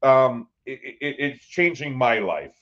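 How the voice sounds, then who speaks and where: A man's voice: mid-range voice, animated, takes it slowly, a bit bright, muffled recording. Rambling man live-streaming on a phone. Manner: rambling, with many fillers and restarts. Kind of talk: casual live-stream chat. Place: cruise ship.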